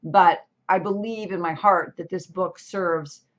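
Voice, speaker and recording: A woman's voice: lowish voice, steady tone, a little slow. A middle-aged woman from California hosting her own channel as a real estate agent, talking casually to the camera in a chatty way full of asides and restarts. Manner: chatty, self-interrupting, lots of asides. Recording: slightly dull lo-fi audio.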